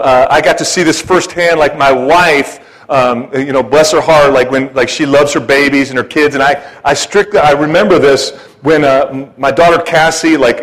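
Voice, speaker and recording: A man's voice: a little high, low-quality recording. A man preaching a casual, joking sermon to a church congregation, stumbling through fillers and restarts. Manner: folksy, joking, halting with many fillers and restarts. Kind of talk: conversational sermon.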